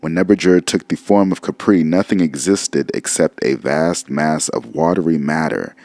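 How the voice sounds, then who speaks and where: A man with an extremely deep, gravelly voice talks through a lecture, reading passages aloud between blunt, profane asides. The sound is dry and close, with no room echo. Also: moderate pace, darkish tone. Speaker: occult lecturer. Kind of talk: casual lecture reading from texts.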